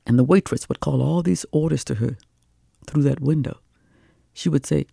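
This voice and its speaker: Husky, gravelly older woman storyteller. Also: rumbling low, normal speed, long pauses, no echo, studio quality. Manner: animated, rhythmic, with repetitions. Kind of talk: oral storytelling performance.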